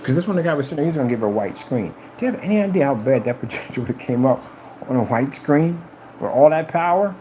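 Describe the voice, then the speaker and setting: A man talking casually on a live stream about his company's products, boastful and animated, often acting out conversations in a raised voice. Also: fast, slight background noise, low-quality recording. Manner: animated, boastful, retells conversations in high-pitched quoted voices.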